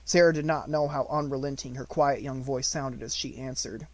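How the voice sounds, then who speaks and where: A man narrating a classic novel as a full audiobook, in a measured storytelling manner. His voice sits at a middle pitch. The recording is dry and close, with no room sound. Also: steady tone, dry recording.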